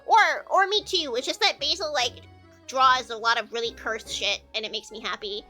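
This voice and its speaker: A woman with a Midwestern accent streams live, chatting casually and answering viewer comments, her talk full of fillers. Her voice sits high and sounds bright and sharp. Soft music plays faintly behind her. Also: normal speed. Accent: Midwestern American. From American Midwest.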